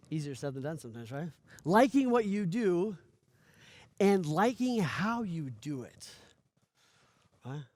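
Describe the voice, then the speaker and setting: A man giving a motivational coaching speech, energetic, often asking "right?" and acting out little dialogues. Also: fairly high pitch, takes it slowly, pauses often, no room sound. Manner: energetic, repeats "right?" often, stammers on restarts; acts out dialogue in lively voices. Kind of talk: motivational talk.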